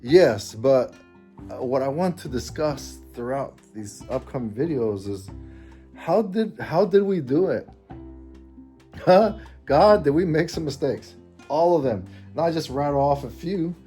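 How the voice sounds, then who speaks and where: Mexican-born man, 50s, mellow voice, soft guitar underneath, rambling vlog chatter with self-deprecating chuckles. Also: on the high side, animated, measured pace. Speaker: vlogger. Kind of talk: casual personal vlog.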